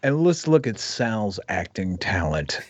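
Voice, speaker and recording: A man's voice: fairly low pitch, big pitch swings, measured pace, no room sound. A man doing casual, crude film commentary, laughing often between his jokes. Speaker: podcast co-host. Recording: dull dry lo-fi mic.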